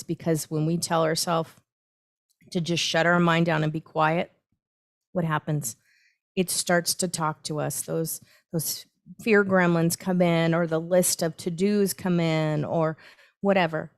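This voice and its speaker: A woman's voice: sits low, flat delivery, a little slow, no room sound, clean studio sound. A woman talking as a spiritual coach on a live stream, chatty and encouraging, often restarting her sentences with ums. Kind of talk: livestreamed talk.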